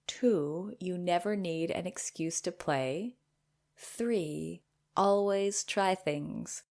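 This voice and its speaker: A woman's voice: lowish voice, drawn-out words, gravelly, a little mellow. A woman podcast host reading her old blog post aloud and breaking in with playful, amused asides.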